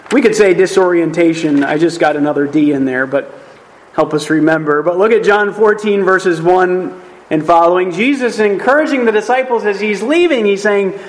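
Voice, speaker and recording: His voice sits high, and the recording quality is low. He walks through a Bible passage on video in an emphatic, conversational way, frequently tossing in "right?" to check in.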